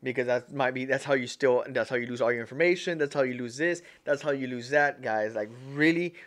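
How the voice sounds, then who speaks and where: A man's voice: mid-range voice, a little fast. A man hosting a casual tech-tips livestream, rambling and repeating himself, often calling his viewers "guys". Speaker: livestream host.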